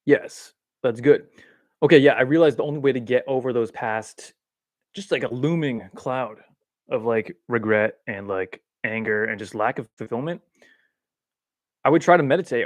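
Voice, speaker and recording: A man hosting a livestream from a chair at home, rambling through spiritual ideas with lots of fillers and self-mocking laughs. His voice sits in an ordinary middle range. The recording is close and dry on a boom mic. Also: normal speed, no room sound. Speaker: livestream host. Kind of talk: casual spiritual chat. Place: home room, seated in a swivel chair. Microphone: boom-arm mic.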